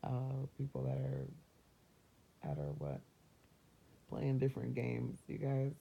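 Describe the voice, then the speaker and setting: A woman talking casually and upbeat about mindfulness and positive thinking, chatty, laughing often and slipping into quick acted-out voices. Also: very deep voice, big pitch swings, gravelly, a little hiss or hum. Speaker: self-help vlogger. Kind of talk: casual motivational talk. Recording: dull lo-fi recording.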